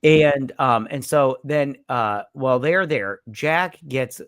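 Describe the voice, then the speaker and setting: A man's voice: mid-range voice, slow pace, fairly bright tone, clean tone, no room sound, studio quality. A man co-hosting a casual movie review podcast, rambling and acting out scenes in quoted voices. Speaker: podcast co-host.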